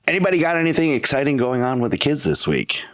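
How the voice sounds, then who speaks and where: A man's voice: mid-range voice, sing-song, fast talker, fairly bright tone, no room sound. A man co-hosting a podcast, teasing the others wryly in casual chat. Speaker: podcast co-host.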